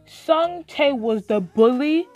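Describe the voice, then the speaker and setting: A young woman vlogger retells a story in a high voice that swoops up and down. She talks at an easy pace, acts out her own shocked reactions and swears freely. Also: animated, takes it slowly, a little mellow, dry recording, faint music behind. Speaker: YouTube vlogger.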